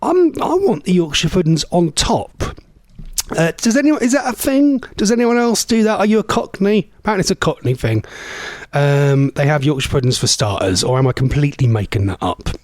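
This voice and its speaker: A man's voice: on the high side, big pitch swings, a little fast, dry recording. A tired man hosting a local radio show, chatting casually and rambling while reading out listener messages. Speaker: radio host. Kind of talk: casual chat between songs.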